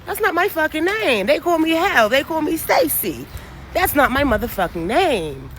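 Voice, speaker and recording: A woman with a high voice rants loudly and with exasperation, swearing as she goes. Faint noise hums in the background of this casual phone clip. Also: big pitch swings, normal speed. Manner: loud, exasperated, profane ranting. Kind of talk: ranting social media clip.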